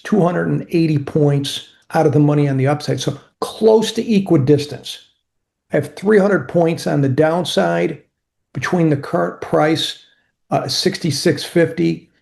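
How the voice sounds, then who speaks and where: A man's voice: a little high, vocal fry, a little mellow. A man teaching options trading over a screen recording, talking casually and answering imagined viewer questions himself. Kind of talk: screen-share trading walkthrough.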